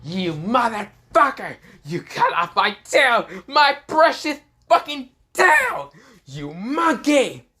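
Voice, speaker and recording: Man putting on a raging alien tyrant, shrieking, very high, bright and strained, fan story. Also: lively intonation, moderate pace, hardly any pauses, full character voice. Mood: shrieking rage. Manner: shrieking, high-pitched yelling. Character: furious male alien tyrant, screaming insults. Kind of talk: fan story reading with voices.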